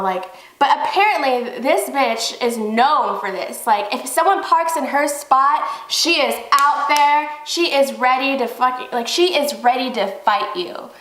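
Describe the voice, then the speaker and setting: A young woman vlogger telling a story in a casual, animated way, swearing freely. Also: high voice, roomy sound, rough recording. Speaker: beauty vlogger.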